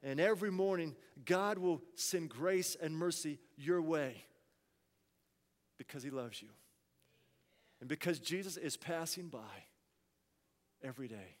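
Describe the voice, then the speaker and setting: A man preaching a sermon as pastor, swinging from hushed asides to loud, pleading cries. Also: on the high side, measured pace, pauses often, big-room sound.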